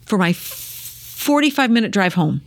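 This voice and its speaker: Lively middle-aged woman telling stories. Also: mid-range voice, measured pace. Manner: lively storyteller who acts out quoted dialogue; emphatic, repeats phrases for effect. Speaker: former news director, guest. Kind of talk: conversational interview storytelling.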